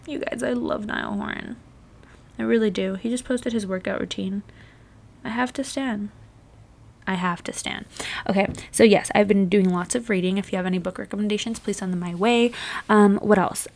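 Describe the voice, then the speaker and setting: A woman's voice: medium pitch, fairly even intonation, a little fast, creaky, darkish tone. Chatty young woman vlogging casually. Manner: chatty, bubbly, rambling with many fillers. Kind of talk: casual chat to camera.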